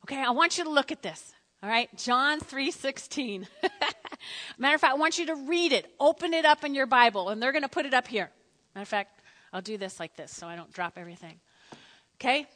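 High, bright-voiced woman preaching. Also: fairly quick, long reverb tail. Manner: animated, repeats phrases, asks the congregation to respond. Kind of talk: sermon. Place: church sanctuary.

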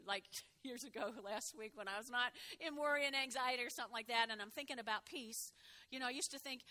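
Lively high-voiced woman preaching. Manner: lively, call-and-response with congregation, exclaims. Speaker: pastor. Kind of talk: sermon.

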